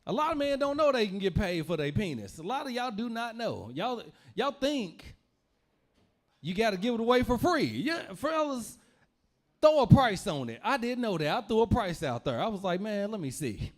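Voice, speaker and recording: A young man from Louisville, Kentucky, rambles through a stand-up set, circling back and repeating his phrases. His voice sits somewhat high and swings widely in pitch as he tells it. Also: very animated, moderate pace. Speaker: stand-up comedian.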